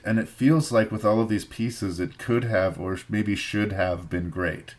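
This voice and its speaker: A man from Canada hosting a podcast, giving a thoughtful, measured film review in casual chat and repeating phrases for emphasis. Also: on the low side. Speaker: podcast host.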